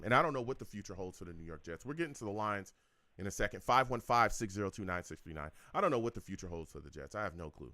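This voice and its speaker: Low-pitched call-in host, heated and exasperated, dry mic. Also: male voice, expressive, fast, pushed and bright, no echo. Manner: heated, exasperated, repetitive ranting. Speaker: sports call-in show host. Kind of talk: live sports call-in radio rant.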